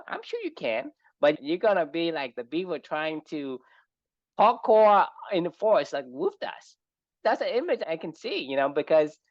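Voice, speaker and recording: A man's voice: high-pitched, no room sound, lo-fi sound. A man co-hosting a podcast, explaining his view in casual chat with animal analogies and frequent "right?". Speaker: podcast co-host.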